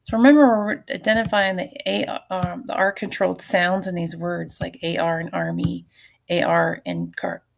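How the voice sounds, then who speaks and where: A woman's voice: on the low side, level tone, normal speed, gravelly. A middle-aged woman teacher giving a recorded phonics lesson, patiently sounding out syllables and letters for her students.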